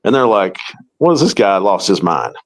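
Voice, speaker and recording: A man's voice: fairly low pitch, very animated, normal speed, poor audio. A middle-aged man, a paranormal investigator, telling a long story in an interview and acting out the quoted dialogue.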